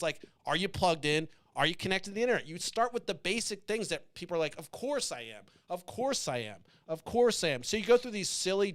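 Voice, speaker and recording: A man's voice: a little high, fairly bright tone. A man hosting a political talk show, ranting bluntly with lots of swearing, restarts and rhetorical questions. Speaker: podcast host. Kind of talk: profane opinionated commentary.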